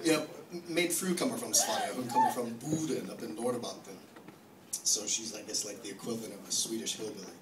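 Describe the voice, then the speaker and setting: A man's voice: on the low side, wildly swooping pitch, fairly quick, over a noisy crowd. A man with a New Jersey accent doing a brash, profane stand-up comedy set. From New Jersey, USA. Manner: brash, profane, swings into loud mock-angry bits. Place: comedy club stage. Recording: echoey club from far off with noise.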